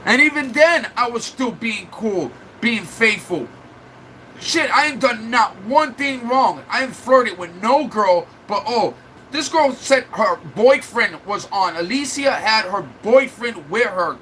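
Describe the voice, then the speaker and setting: A man's voice: sits high, lively intonation, measured pace, sharp tone, slight background noise, low-quality recording. A man livestreaming in a casual chat, venting at length to his viewers in a rambling, upset way. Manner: rambling, restarts and fillers.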